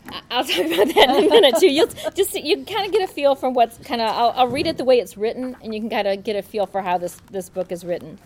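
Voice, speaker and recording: A woman's voice: fairly high pitch, animated, fast, few pauses. A woman giving a casual, chatty book talk, hesitant, with many fillers and restarts. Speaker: book club presenter. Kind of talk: casual book talk with read-aloud passage.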